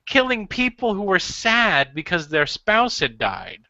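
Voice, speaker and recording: A man chatting casually with friends, joking and laughing easily. His voice is high and bright. The sound is dry and dull. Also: huge pitch swings, unhurried, no echo. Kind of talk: casual chat. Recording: dull lo-fi audio.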